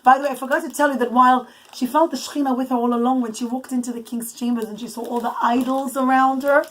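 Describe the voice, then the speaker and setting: A woman telling a bedtime story to children with puppets, pausing now and then to settle the kids. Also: high voice, fairly even intonation, poor audio.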